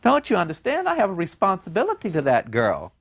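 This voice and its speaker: A man's voice: high voice, huge pitch swings, quick pace, vocal fry, a bit bright, slightly rough, voice pushed up, heavily acted. Man doing an earnest, guilt-stricken scholar.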